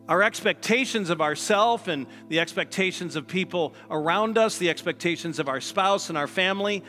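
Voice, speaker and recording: A man's voice: sits high, moderate pace, hardly any pauses, sharp tone, long reverb tail, faint music behind. A male pastor preaching a sermon in a conversational way, with sarcastic asides.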